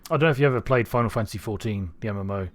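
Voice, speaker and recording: Talking very fast in a lowish voice, this man is a streamer from Cornwall, England. His accent is neutral southern English, and he meanders through relaxed gameplay commentary, thinking aloud as he goes.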